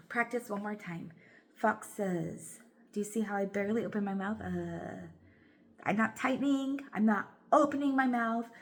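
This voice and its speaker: A woman teaching a phonics lesson, slowly sounding out words and praising often. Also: mid-range voice, slight background noise. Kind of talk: slow, clear classroom instruction. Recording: echoey room.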